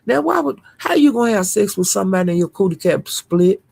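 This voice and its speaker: A woman's voice: mid-range voice, expressive, fast talker, creaky, warm tone. A woman vlogger giving casual gossip commentary to her viewers, blunt, profane and indignant.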